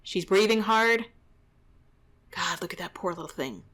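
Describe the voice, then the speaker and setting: A woman's voice: fairly low pitch, animated, unhurried, a bit bright. A young adult woman, a dog trainer, giving indignant, exasperated running commentary over a training video.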